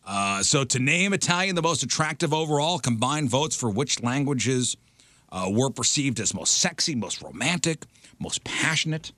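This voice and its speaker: A man's voice: mid-range voice, expressive, normal speed, sharp tone, dry recording. A man hosting a morning radio show, reading out poll results between jokes and laughing with his co-hosts. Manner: reads poll results aloud, laughs often.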